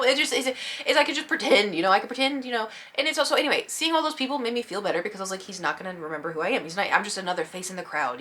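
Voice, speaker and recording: Young woman vlogger, quick and bright, rambling and self-mocking, faint room hum. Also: medium pitch. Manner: rambling, self-deprecating, acts out her own reactions. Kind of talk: casual storytelling vlog.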